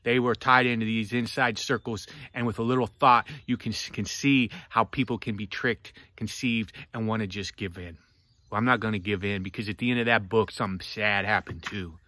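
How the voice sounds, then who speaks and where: A man reviewing a book in a passionate, preachy vlog rant that swings between loud outbursts and low, intense talk. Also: steady tone, moderate pace.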